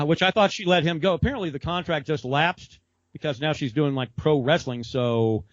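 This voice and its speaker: A man's voice: on the high side, dry recording. Rambling man podcast co-host, dull dry sound. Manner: rambling, laughing, quoting others in animated voices. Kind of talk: casual chat.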